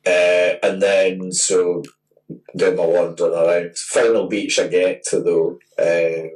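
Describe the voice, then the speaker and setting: A man's voice: low voice, little pitch movement, takes it slowly, a little mellow, recorded from a distance, low-quality recording. A man in his twenties co-hosting a podcast, telling a long rambling story in casual chat and swearing freely. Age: 20s. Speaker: podcast co-host.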